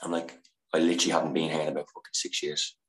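Low-voiced man telling a candid story. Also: monotone, rapid-fire. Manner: earnest and emotional, swears freely, restarts sentences. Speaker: podcast guest. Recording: echoey room.

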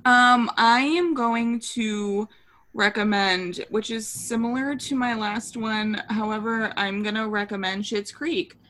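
A podcast co-host chats casually, laughing hard and swearing freely as she retells her favorite scenes. Her voice is a little high and a bit bright, and she speaks at a slow pace.

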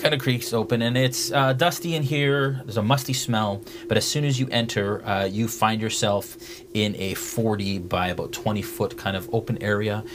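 A man narrating as game master in a relaxed way, with many filler words. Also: on the low side, normal speed, noisy background.

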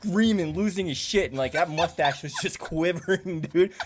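A man's voice: fairly high pitch, normal speed, noisy background. A man telling a profane, funny story in casual chat.

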